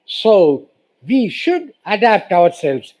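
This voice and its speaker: Guy giving a college talk, high lively voice, slow and emphatic, says you see a lot. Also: poor audio. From India. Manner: repeats "you see" often, expressive and emphatic. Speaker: guest speaker. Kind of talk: formal lecture speech.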